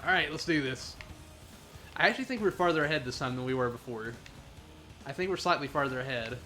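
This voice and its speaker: A young man commentating his own racing gameplay live, playful and jokey, getting excitable as he races. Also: medium pitch, brisk, faint music behind. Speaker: gaming streamer.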